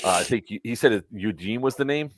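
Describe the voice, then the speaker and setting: A man co-hosting a casual podcast who talks in an animated way and laughs often. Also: on the low side, fast, slight background noise. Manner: animated, laughs often, firm and scolding on a complaint call. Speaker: podcast co-host. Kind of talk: casual chat.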